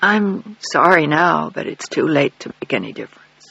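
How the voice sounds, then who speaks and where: A man reading a remorseful old father, husky. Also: on the high side, animated, pushed and bright, no room sound, full character voice. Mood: sorrowful. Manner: mournful, halting, apologetic. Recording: dull lo-fi dry recording.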